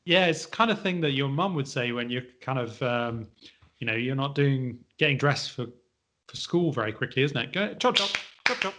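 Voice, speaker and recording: A man's voice: mid-range voice, moderate pace, fairly bright tone, a little hiss or hum. A man guesting on a casual podcast, guessing word origins with hesitant, self-deprecating humour. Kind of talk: casual chat, guessing answers.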